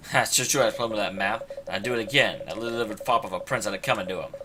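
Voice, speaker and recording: A man voicing a gruff, boastful male sky pirate captain in a video game, with swaggering, theatrical pirate talk. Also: lowish voice, fast talker, background noise, pitched below the performer's own voice, natural voice. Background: game music.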